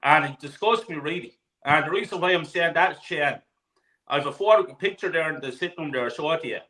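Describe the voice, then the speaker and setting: Lively, bright-voiced Irish man telling stories. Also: a little high, a little fast, low-quality recording. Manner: animated, swears freely, laughs mid-story. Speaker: host of a football panel. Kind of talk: casual chat, storytelling.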